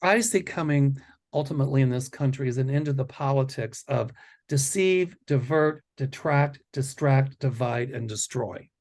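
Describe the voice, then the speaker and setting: A man hosting a psychic chat show, talking casually and stressing his points in slow, deliberate lists. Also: medium pitch, darkish tone. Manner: deliberate, emphatic listing of words. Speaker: psychic host.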